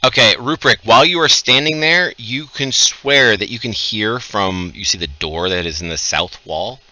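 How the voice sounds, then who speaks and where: A man's voice: on the low side, moderate pace, sharp tone, poor audio. A man running a tabletop game as dungeon master, narrating scenes and giving rulings. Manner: describes scenes and rulings, laughs along with players.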